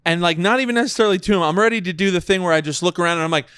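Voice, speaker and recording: Male comic co-host, animated storyteller, swears freely, higher voice. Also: rapid-fire, smooth, no room sound, studio quality. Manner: animated, profane, acts out quoted voices. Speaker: comedian podcast co-host. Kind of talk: casual storytelling chat.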